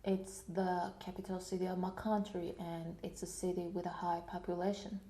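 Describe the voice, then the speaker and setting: A woman playing a student in a mock speaking test, answering in a flat, monotone way. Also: on the low side, moderate pace, roomy sound. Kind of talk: scripted role-play answers.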